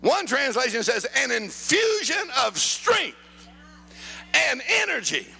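A middle-aged man preaching a sermon, shouting and sing-song, mixing laughter and a told joke into his delivery. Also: very high voice, wildly swooping pitch, slow pace, vocal fry, breathy edge.

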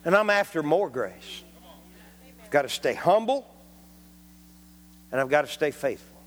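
A man's voice: a little high, very animated, a little slow, in a large hall. A man preaching a folksy, joking sermon in a church, dropping frequent amens. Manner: folksy, jokey, punctuated with amens. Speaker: traveling preacher.

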